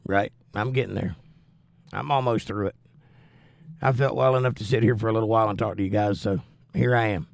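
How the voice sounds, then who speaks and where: A man's voice: fairly low pitch, steady tone, brisk, gravelly, pauses often, no room sound. A man hosting a livestream, reading viewers' chat messages aloud and answering them with wry, teasing humor. He is out of breath and coughing while he recovers from the flu. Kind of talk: casual chat.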